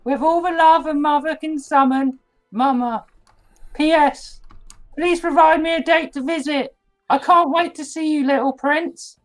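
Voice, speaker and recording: A man's voice: very high-pitched, steady tone, unhurried, soft background music, rough recording. A man voicing a doting, bossy old dwarf mother who fusses and complains as she reads out a letter in a tabletop game. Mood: doting, grumbling. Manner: fussy, complaining, smothering. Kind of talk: tabletop role-play, reading a letter in character.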